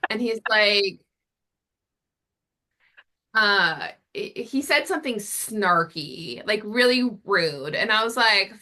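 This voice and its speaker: Laughing bright woman telling stories. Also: medium pitch, moderate pace, creaky. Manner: storytelling, laughs easily. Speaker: podcast co-host. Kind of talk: casual chat.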